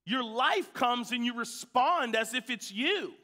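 Animated man preaching in a reverberant church. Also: very high-pitched, a little slow. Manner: animated storytelling, shouting at peaks. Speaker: pastor. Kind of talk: sermon. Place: church sanctuary.

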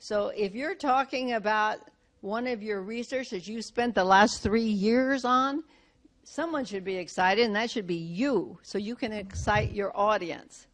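A woman's voice: medium pitch, measured pace. An older woman teaching presentation skills to a live audience, coaching directly with rhetorical questions and acted-out examples.

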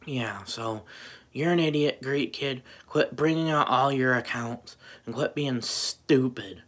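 Young male vlogger, husky voice, unhurried delivery, repetitive mocking rant. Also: medium pitch, a bit bright. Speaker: YouTuber. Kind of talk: angry rant vlog.

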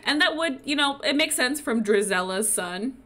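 A woman's voice: sits high, lively intonation, normal speed, bright, forceful tone. A young woman casually narrating a life-sim game, telling the story with playful quoted asides. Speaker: gameplay narrator.

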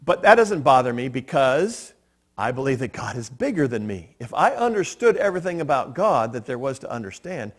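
A man preaching from a church pulpit in an earnest, steady teaching tone, his voice sitting at an ordinary middle pitch. He works through his points patiently and lets a little dry, self-deprecating humor slip in. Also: brisk. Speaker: pastor. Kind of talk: sermon. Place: church sanctuary.

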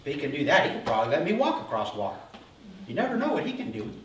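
A male pastor preaching a sermon, telling the story with animated energy and acting out voices before settling into calm, earnest teaching. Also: fairly high pitch, rapid-fire, slight background noise. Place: church sanctuary. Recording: roomy hall from a distance.

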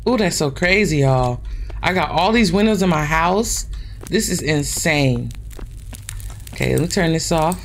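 A woman's voice: sits low, animated, unhurried, a little hiss or hum. A woman hosting a gaming channel, chatting casually and swearing freely as she plays a horror game and talks straight to her viewers.

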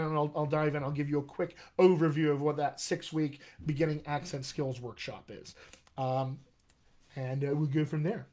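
A man teaching a live online lesson as a dialect coach, chatty and upbeat, with frequent check-ins to his viewers. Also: on the high side.

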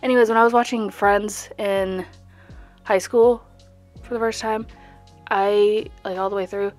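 A young woman chats while she paints, rambling from thought to thought and second-guessing herself as she goes. Her voice sits at a middle pitch. Faint music plays underneath. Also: steady tone, a little slow. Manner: rambling, chatty, self-questioning. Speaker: art vlogger. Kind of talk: casual chat while painting.

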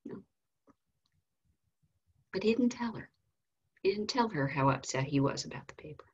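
A woman teaching Sunday school, telling a story in an animated, storytelling way. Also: mid-range voice, a little fast, husky, lo-fi sound. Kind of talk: storytelling lesson.

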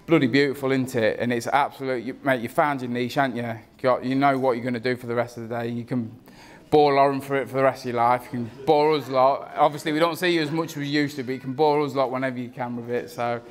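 A man's voice: mid-range voice, fairly even intonation, quick pace, hardly any pauses, slight background noise. A young man giving a rambling, teasing wedding speech about his friend. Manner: rambling, joking, teasing, self-interrupting. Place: wedding reception.

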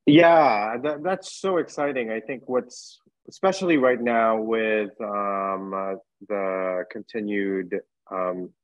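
Male interviewer, measured questions, dry close sound. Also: on the low side, no room sound, low-quality recording. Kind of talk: casual interview.

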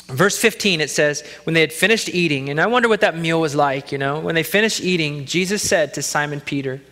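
A man's voice: on the high side, fairly bright tone, long reverb tail. A man pastor preaching a sermon, in an earnest, conversational way.

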